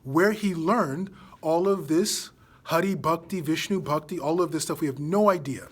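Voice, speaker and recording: A man's voice: on the high side, moderate pace, slightly rough. A man voicing two frightened male teachers who speak nervously and pleadingly. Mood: anxious.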